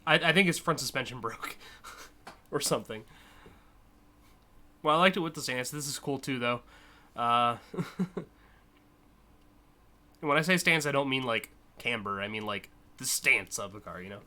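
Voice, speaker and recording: A man's voice: mid-range voice, unhurried, pauses often, sharp tone. A man streaming live, casually and enthusiastically judging car designs, with frequent fillers and swearing.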